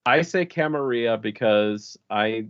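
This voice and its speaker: A man's voice: low-pitched, normal speed, dry recording, lo-fi sound. A man from an American region with many Spanish speakers, chatting casually as a podcast guest and rambling with restarts and fillers. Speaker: LARP designer and organizer, podcast guest.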